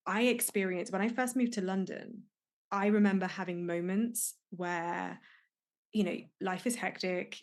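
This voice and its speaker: A woman's voice: fairly low pitch, darkish tone. Candid, reflective woman podcasting alone. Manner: candid, emotional, searching, with many restarts. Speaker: podcast host and life coach. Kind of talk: reflective solo podcast monologue.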